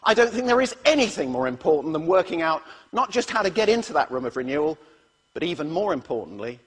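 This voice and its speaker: A man's voice: fairly high pitch, sing-song, fast, husky. A man giving a motivational business talk in an earnest, urging manner. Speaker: business speaker. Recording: live talk with audience and noise.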